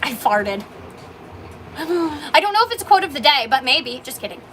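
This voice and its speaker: On a livestream from her small coffee shop, this Canadian owner reads viewer comments aloud, bubbly, gushing, and emotional. She has a high, very animated voice, a bit bright, at a normal speed, with slight background noise.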